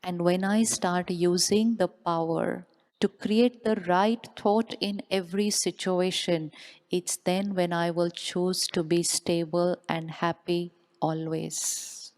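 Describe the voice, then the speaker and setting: A woman's voice: on the low side, a little mellow. A woman giving a motivational spiritual talk, asking the audience questions and repeating them. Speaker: spiritual speaker.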